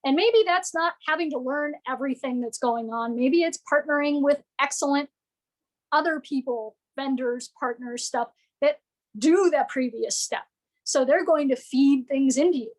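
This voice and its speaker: A woman giving a lively, playful presentation to business owners, often acting out what customers might say. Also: sits high, moderate pace, rough recording.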